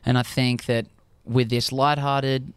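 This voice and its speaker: A man's voice: mid-range voice, flat delivery, unhurried, clear, resonant tone, no echo. A man with an Australian accent, a guest musician telling stories in a casual interview, easygoing and laughing often. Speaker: country music duo member, guest.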